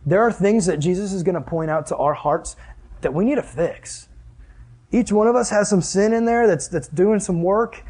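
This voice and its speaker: In a high-pitched voice with a breathy edge and moderate pace, a man delivers a relaxed sermon. He animatedly voices Jesus and the Pharisees in his story and asks his listeners questions.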